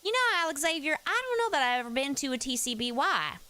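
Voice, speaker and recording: A woman doing a lively folksy Southern gal. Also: high voice, quick pace, full character voice, rough recording. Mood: chatty. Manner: folksy, drawling, chatty. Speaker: streamer. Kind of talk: casual live-stream chat.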